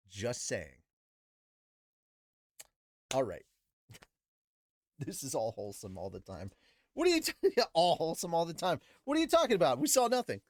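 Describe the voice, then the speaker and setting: Man reading a novel aloud with profane asides, lively pitch, dry close mic. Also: no echo. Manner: animated, profane, laughing asides. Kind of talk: book reading with casual commentary.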